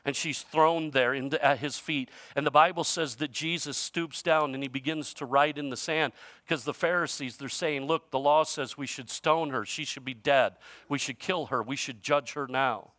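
A male pastor preaching a sermon in a conversational way, using informal grammar, his voice shifting from loud emphasis to quiet. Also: a little high, steady tone, moderate pace, no echo, clean studio sound.

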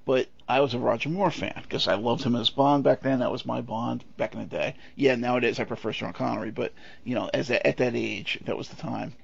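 Gravelly middle-aged podcast co-host. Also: male voice, medium pitch, brisk, no echo. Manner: animated, tells stories and slips into impressions. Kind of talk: casual chat. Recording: dull lo-fi audio.

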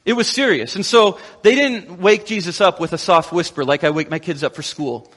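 Pastor, male, high voice, lively storyteller who acts out quotes, long reverb of a large hall. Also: normal speed. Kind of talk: sermon.

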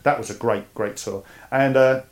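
An army veteran from East London, speaking with a Cockney accent, tells his story as a guest in a casual interview. He's animated, talks at a medium pitch and normal speed, and often repeats words as he begins a thought.

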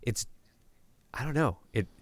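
A man's voice: medium pitch, lively intonation, a little slow, no room sound. A man co-hosting a podcast, chatting casually about horror films, telling stories and acting out the people in them. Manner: storytelling, acts out quoted people, many fillers. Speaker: podcast co-host.

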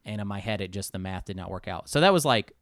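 A man's voice: on the low side, animated, fast talker, a bit bright, dry recording, studio quality. A man co-hosting a podcast, chatting casually and jokily about board games, rambling and interrupting himself. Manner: rambling, jokey, self-interrupting. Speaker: podcast co-host.

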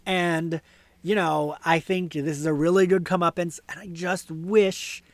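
A man's voice: on the high side, steady tone, a little slow, no echo. A man co-hosting a casual podcast, giving his movie opinions with lots of fillers and restarts. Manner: hesitant, many fillers, enthusiastic opinions. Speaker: podcast co-host. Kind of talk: casual movie review chat.

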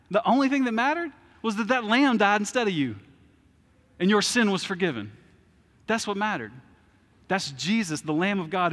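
A man's voice: fairly high pitch, a bit bright, in a large hall. A man in his thirties preaching a sermon as pastor, conversational, with asides and restarts.

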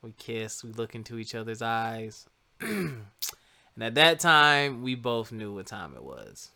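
A man casually telling a funny personal story to listeners, animated and laughing often. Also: medium pitch, takes it slowly. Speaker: co-host telling a couple's story.

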